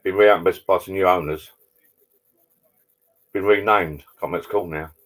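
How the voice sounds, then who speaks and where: A man's voice: low voice, steady tone, brisk. A man hosting a casual live stream from his garden bar, chatting with viewers, reading their messages and trading cheeky jokes.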